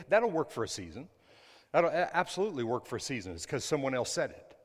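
A male pastor preaching a sermon during a church service. He talks conversationally, breaks into sudden loud bursts, and adds apologetic asides. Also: mid-range voice, in a large hall.

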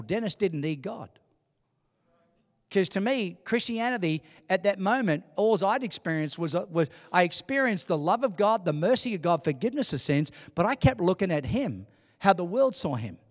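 A man preaching to a congregation, with a notably high voice. He tells a story, dropping to a hush and then building to loud, emphatic peaks. His voice carries a long reverb from a large hall. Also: lively intonation, a little fast. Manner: emphatic storytelling, swinging from hushed to shouting. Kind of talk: sermon.

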